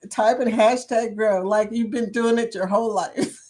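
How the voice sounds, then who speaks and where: A woman's voice: a little high, normal speed, darkish tone. A woman hosting a casual live-stream chat, talking to viewers by name and laughing often. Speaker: livestream chat host.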